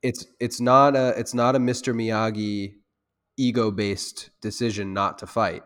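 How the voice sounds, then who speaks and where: Low-voiced self-defense instructor, rambling. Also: male voice, little pitch movement, unhurried, clean tone. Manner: loose, rambling talk with many restarts and fillers; gets loud and heated when making a point. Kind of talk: conversational interview.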